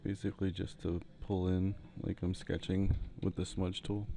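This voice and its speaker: A man giving a relaxed, rambling painting tutorial with jokey asides, talking into a headset mic. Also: sits low, normal speed, vocal fry. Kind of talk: casual tutorial commentary while painting. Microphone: headset mic, breathing into it.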